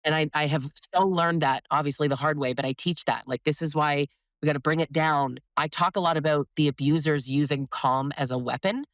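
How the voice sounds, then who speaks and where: A woman hosting a podcast, talking in an animated, emphatic, conversational way. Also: low-pitched, a little fast, dry recording, studio quality. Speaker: podcast host.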